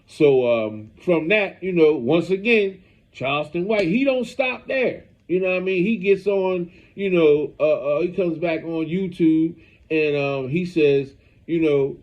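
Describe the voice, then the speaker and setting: Male host, slightly high voice, loose rambling street-news commentary, muffled lo-fi audio. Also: moderate pace, darkish tone. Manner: rambling, heavy use of "you know what I mean".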